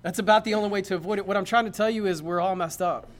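A man's voice: high voice, steady tone, rapid-fire. A man, a pastor, preaching a sermon in a conversational, joking way that builds to emphatic points.

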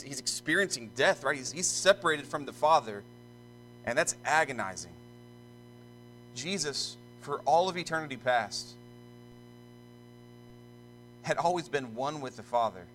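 A male preacher delivers a sermon in church, his voice bright and forceful. He reads scripture slowly and solemnly, then preaches earnestly, restarting phrases as he drives each point home. Soft music plays faintly behind him. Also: medium pitch, rough recording. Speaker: pastor.

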